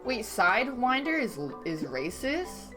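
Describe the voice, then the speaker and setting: A woman's voice: fairly high pitch, sing-song, unhurried. A woman livestreamer chatting casually with her viewers, reading their messages aloud and reacting with dry sarcasm. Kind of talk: casual stream chat. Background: faint background music.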